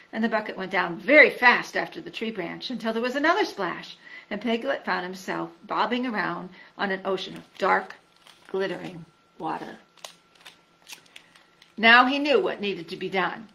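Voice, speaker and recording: A woman reading a children's storybook aloud in an expressive storytelling manner. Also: medium pitch, vocal fry, poor audio. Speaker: storybook reader.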